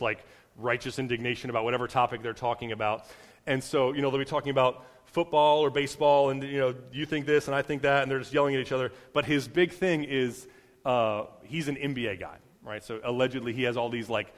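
A young man delivers a sermon in an easy, chatty way, full of fillers and quick restarts. His voice is middle-pitched, and it rings out into a large hall with a long tail of reverb. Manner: conversational, many fillers and restarts, acts out quotes. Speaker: preacher. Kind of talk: casual sermon.

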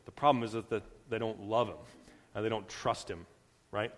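A man's voice: on the low side, steady tone, normal speed. A young man preaching a casual sermon, talking loosely with fillers and restarts and acting out quotes. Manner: conversational, many fillers and restarts, acts out quotes. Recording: long reverb of a large hall.

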